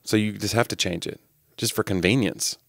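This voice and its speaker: A man co-hosting a podcast, telling animated, jokey stories in casual chat. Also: lowish voice, brisk, gravelly, no echo, studio quality. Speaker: podcast co-host.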